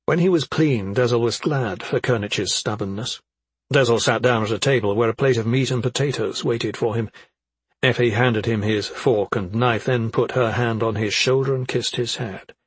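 A man narrating a fantasy audiobook in a steady, even storytelling manner. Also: mid-range voice, normal speed, slightly rough, no echo. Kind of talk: scripted narration.

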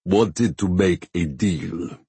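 Brief: a man doing a deep, nasal, husky pirate captain in an audiobook, blunt and terse. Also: slow, mellow, no echo, heavily acted.

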